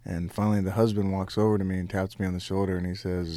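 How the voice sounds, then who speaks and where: Young male comic, deep low voice, dry close sound, animated anecdote delivery. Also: no room sound. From United States. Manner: animated, quick to laugh, restarts. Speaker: stand-up comic guest. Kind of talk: casual interview, telling jokes from his act.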